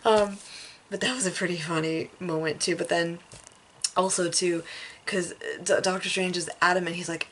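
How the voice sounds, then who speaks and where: A woman chatting casually about a film she saw, laughing often and breaking into excited outbursts. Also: lowish voice, normal speed, a little hiss or hum. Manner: animated, laughs often, acts out lines in bursts. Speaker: vlogger reviewing a film.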